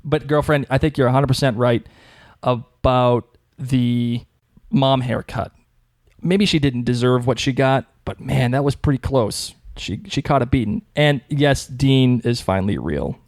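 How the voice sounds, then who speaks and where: A man's voice: mid-range voice, unhurried, darkish tone, no echo. Teasing man podcast co-host, dry mic. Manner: teasing, upbeat, laughs a lot. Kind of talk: casual chat.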